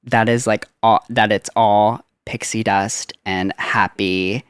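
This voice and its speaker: Young male podcast guest, low and resonant, casual and rambling, dry close mic. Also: fairly even intonation, slow pace, clean tone, no echo. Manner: chatty, lots of filler "like". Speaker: guest, Disney character performer.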